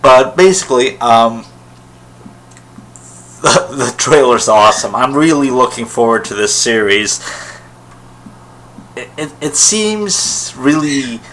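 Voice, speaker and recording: Bright-voiced man rambling in a vlog. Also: medium pitch, lively intonation, slow pace, long pauses, poor audio. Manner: rambling, enthusiastic fan talk with many fillers. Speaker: vlogger. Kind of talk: casual solo vlog commentary.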